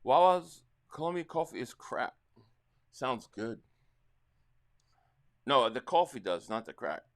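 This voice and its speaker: A man's voice: medium pitch, slow. A middle-aged man with a New Jersey accent hosts a casual live-stream reaction to a football game. He chats loosely with viewers and calls the plays as they happen. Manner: rambling chat with chat readers, bursts into excited play calls.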